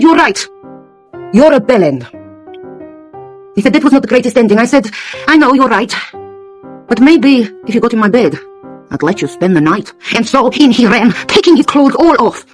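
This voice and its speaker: A woman's voice: on the high side, close to an everyday voice. A woman voicing a crude British woman reciting a rude rhyming tale in a cheeky sing-song way.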